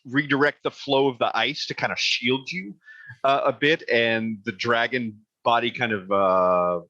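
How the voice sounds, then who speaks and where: A man narrating as game master in a casual, halting way with many fillers and restarts. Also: mid-range voice, pushed and bright, no echo, muffled recording.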